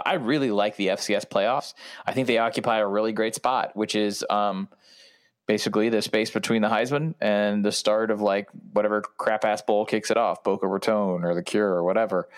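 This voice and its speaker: A man's voice: lowish voice, fairly even intonation, moderate pace. A man co-hosting a sports podcast, chatting casually in a rambling, self-interrupting way. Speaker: podcast co-host.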